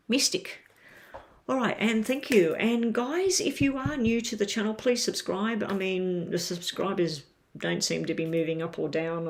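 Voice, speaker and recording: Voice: mid-range voice, gravelly. A tarot reader doing a casual live-stream reading from home, chatting straight to viewers with lots of ums.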